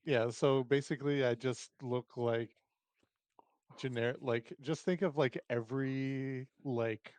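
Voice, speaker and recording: A man's voice: medium pitch, steady tone, takes it slowly, a little mellow, clear, resonant tone, no echo. A man playing in a tabletop game, chatting casually in a rambling way with lots of fillers. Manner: rambling, laughing, filler-heavy. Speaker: player.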